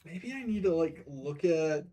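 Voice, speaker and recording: A gaming streamer talks through gear choices at a slow, unhurried pace. Half-muttered and trailing off, as if thinking aloud mid-stream. Middle pitch, relaxed chatter. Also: slight background noise. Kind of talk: casual gaming stream commentary.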